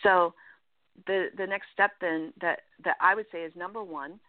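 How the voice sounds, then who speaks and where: A woman life coach giving earnest, animated advice as a guest in an interview, often checking in with "right?". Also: fairly low pitch, moderate pace, no echo. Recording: dry, tinny phone-line sound.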